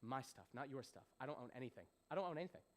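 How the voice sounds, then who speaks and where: A young man teaching a Bible passage as a young adults pastor, conversational and animated, often repeating himself and checking if listeners follow. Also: mid-range voice, very fast. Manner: animated, repeats phrases, asks "does that make sense".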